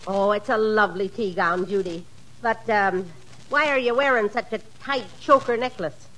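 A woman's voice: medium pitch, moderate pace, a bit bright, natural voice, poor audio. A woman doing a poised, proper lady. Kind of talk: 1940s radio comedy acting.

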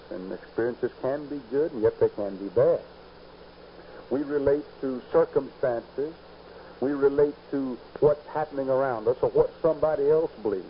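Preacher guy getting emphatic, voice swings up and down a lot, muffled old tape feel. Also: medium pitch. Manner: emphatic, rising to loud preaching peaks. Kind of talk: sermon. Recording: dull lo-fi recording with faint hiss.

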